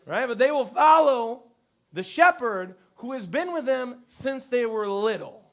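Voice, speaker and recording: A male pastor giving a conversational sermon to his congregation, telling lively stories and acting out the people he quotes. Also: extremely high pitch, unhurried. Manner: lively storyteller who acts out quotes. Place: church service before a congregation.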